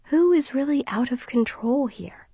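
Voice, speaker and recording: A woman narrating an audiobook in the first person, her voice set somewhat high. She reads in a quiet, tense manner. The studio sound is dry and close. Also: animated, unhurried, slightly rough, dry recording.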